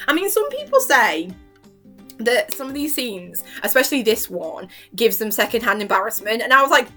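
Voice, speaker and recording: A young woman rambling excitedly about a TV series, giggling often and acting out the characters' lines, her voice a little worn. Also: medium pitch, moderate pace, faint music behind. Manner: gushing, giggly, lots of fillers and quoted reactions. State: voice worn, partly lost. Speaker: vlogger reviewing a TV series.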